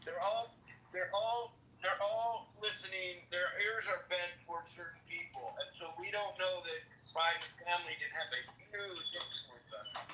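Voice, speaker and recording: A man joining a podcast from his car, reasoning aloud in a measured way. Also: high voice, bright, forceful tone. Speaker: podcast guest calling in. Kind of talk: casual political chat. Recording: distant echoey line with faint noise.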